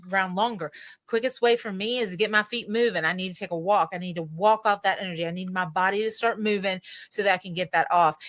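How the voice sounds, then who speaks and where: A woman's voice: medium pitch, dry recording. A woman with an Appalachian accent, a psychic medium guest chatting casually in an interview and acting out the voices of people she quotes. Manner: animated storyteller, acts out quoted voices.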